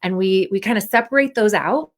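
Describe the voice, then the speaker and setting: A woman's voice: medium pitch, fairly quick. A woman confidence coach talking casually to athletes, acting out their inner voices and leading a short breathing exercise. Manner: chatty, acts out inner voices, guides breathing.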